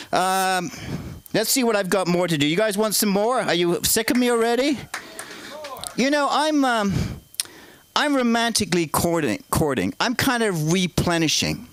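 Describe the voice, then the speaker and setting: A man performs stand-up at a small comedy club, talking in a high voice that leaps up and down. He rambles through absurd tales deadpan, as if each odd turn were ordinary. The sound is close and dry. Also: no echo, rough recording. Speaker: open mic comedian.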